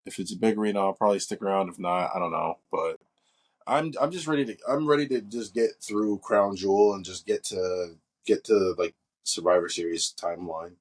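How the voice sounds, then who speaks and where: A man's voice: sits low, brisk. A man co-hosting a podcast, chatting casually and rambling as he picks apart wrestling matches. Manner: relaxed, rambling, nitpicky. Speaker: podcast co-host. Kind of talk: casual wrestling review chat.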